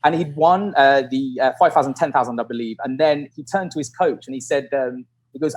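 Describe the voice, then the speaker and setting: A British man in his thirties, a guest calling in by video, telling stories in a lively way, laughing and acting out what others said. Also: mid-range voice, fairly quick, hardly any pauses. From United Kingdom. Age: 30s. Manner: animated, laughing storyteller who acts out quotes. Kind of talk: casual interview storytelling. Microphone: video call.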